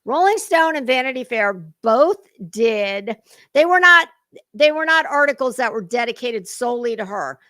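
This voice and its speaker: A woman's voice: fairly high pitch, lively intonation, moderate pace, pushed and bright, dry recording, studio quality. A woman hosting a reaction livestream, mocking a clip with sarcastic, profane jabs and greeting her chat. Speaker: commentary livestream host.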